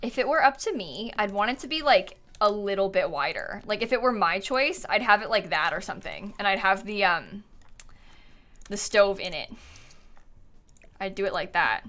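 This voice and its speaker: A woman's voice: mid-range voice, lively intonation, normal speed, fairly bright tone. A woman streaming live, chatting casually and thinking aloud as she builds, with frequent ums and laughs.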